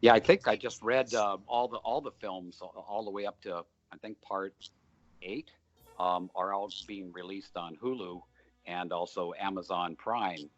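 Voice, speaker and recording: A man's voice: deep voice, steady tone, measured pace, no echo, lo-fi sound, soft background music. An older man, a film director, answering interview questions in a rambling, storytelling way with many fillers. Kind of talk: relaxed interview talk.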